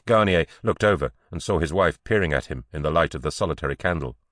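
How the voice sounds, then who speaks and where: A man narrating an unabridged audiobook in a measured, clear storytelling manner. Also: extremely low pitch, animated, fairly bright tone, dry recording, clean studio sound. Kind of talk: scripted narration.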